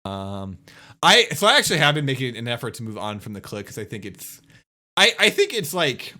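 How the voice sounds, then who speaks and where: Young male streamer, bright voice, exasperated scolding rant to camera. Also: medium pitch, big pitch swings, brisk. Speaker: YouTuber and streamer. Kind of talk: ranting commentary to viewers.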